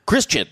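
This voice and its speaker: A man hosting a comedy game show with a sassy, campy announcer manner. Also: sharp tone.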